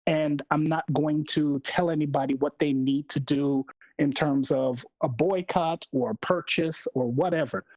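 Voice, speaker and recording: A man's voice: fairly high pitch, fairly even intonation, a little slow, a little mellow, dry recording. Firm-spoken man on a gaming podcast. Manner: firm, plain-spoken opinions. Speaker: podcast co-host. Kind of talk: casual podcast discussion. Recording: dull lo-fi dry sound.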